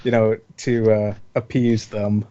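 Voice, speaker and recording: A man's voice: fairly low pitch, flat delivery, unhurried, mellow. A man playing a tabletop game, explaining his character's moves in an eager, slightly rambling way. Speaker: player. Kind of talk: casual game talk. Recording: muffled lo-fi recording.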